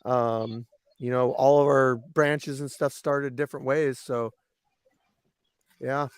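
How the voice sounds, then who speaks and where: A man's voice: mid-range voice, flat delivery, slow pace, smooth, no room sound, studio quality. A man from Washington State hosting a casual podcast chat, rambling with many fillers and restarts. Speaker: podcast host.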